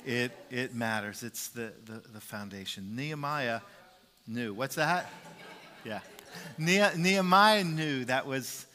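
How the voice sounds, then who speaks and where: A man's voice: medium pitch, animated, slow pace, bright, forceful tone. Emphatic male pastor preaching in a hall. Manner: emphatic, repeats key phrases, some restarts. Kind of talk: sermon.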